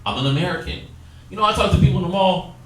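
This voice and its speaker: A man's voice: high-pitched, very fast, fairly bright tone. A man teaching a Bible study class, exhorting his listeners and acting out quoted dialogue. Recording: echoey room, distant mic, faint noise.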